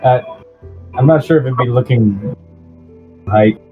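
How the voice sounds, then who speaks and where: A man's voice: medium pitch, narrow, tinny audio, soft background music. Hesitant man playing a tabletop game. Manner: halting, hesitant speech. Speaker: player. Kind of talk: casual tabletop play.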